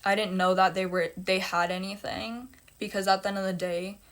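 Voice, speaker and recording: A woman's voice: mid-range voice, little pitch movement, normal speed, fairly bright tone. Blunt, swearing young woman telling a story. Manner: blunt, heavy swearing, emphatic repetition. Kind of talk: casual storytime monologue.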